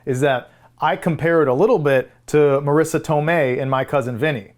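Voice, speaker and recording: A man co-hosting a movie review podcast in casual chat, talking with animated enthusiasm and laughing often. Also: a little high, fairly quick. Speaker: podcast co-host.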